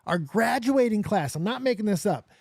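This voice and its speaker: This livestream host is a man in his forties from Las Vegas, USA, with a high, gravelly voice at normal speed. Telling a story casually and animatedly, he swears often and plays every side of the conversation himself. Studio-quality sound, with no room sound.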